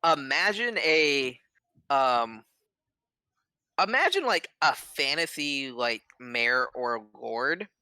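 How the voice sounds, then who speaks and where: A man's voice: mid-range voice, very animated, takes it slowly, bright, forceful tone, smooth, no room sound. A man narrating as game master in a casual, rambling way.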